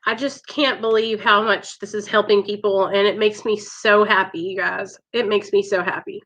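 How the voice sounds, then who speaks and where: A woman's voice: medium pitch, steady tone, moderate pace, fairly bright tone. A woman hosting a live stream, talking earnestly and emotionally to her viewers over a video call. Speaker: live show host in recovery.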